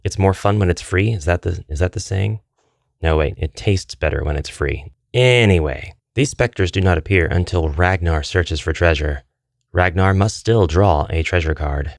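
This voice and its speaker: A man's voice: sits low, moderate pace, creaky, dry recording, studio quality. A middle-aged man chatting casually through a board game quest, joking with dad jokes as he goes. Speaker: board game channel host.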